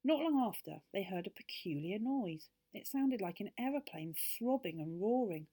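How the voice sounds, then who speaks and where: A woman gently and expressively reading a children's book aloud as a storyteller. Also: medium pitch, animated, normal speed.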